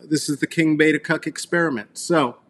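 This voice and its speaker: A man's voice: on the high side, brisk, fairly bright tone. A middle-aged man hosting a rambling solo comedy monologue, crude and sarcastic, full of fillers and trailing asides. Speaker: comedy show host. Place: Colorado.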